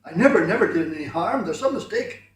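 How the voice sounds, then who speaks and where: A man putting on a shrill, frantic Finnish bather. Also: expressive, quick pace. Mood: panicked. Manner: shouted, high and cheerful-turned-panicked. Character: frantic male Finn bather, loud and excitable. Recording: very echoey room, mic far off.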